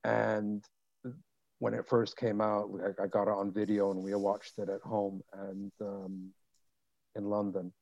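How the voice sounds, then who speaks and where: Male interview host, mellow and rambling, dull lo-fi recording. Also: fairly low pitch, completely flat delivery, unhurried, creaky, no echo. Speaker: podcast host. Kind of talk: casual interview.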